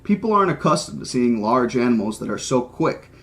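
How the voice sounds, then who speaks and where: A man's voice: mid-range voice, sing-song, a little fast, a bit bright. A man reading the lines of an earnest young male geneticist who explains and persuades.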